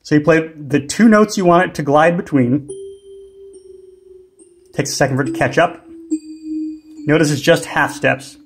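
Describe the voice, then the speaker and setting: A man's voice: fairly high pitch, moderate pace, long pauses. A man hosting a music gear tutorial, explaining casually and unhurriedly with frequent ums and restarts. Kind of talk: casual instructional demo.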